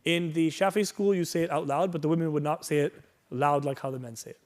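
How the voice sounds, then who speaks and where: A man's voice: fairly high pitch, steady tone, fast talker, darkish tone. A man teaching a workshop on prayer, explaining patiently and reassuringly, reciting Arabic phrases and checking in with "right?" and "okay?". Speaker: religious teacher.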